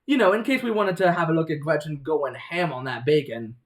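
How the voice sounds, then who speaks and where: A man's voice: a little high, fairly quick. A man hosting a let's play, reading a visual novel aloud with playful, joking commentary.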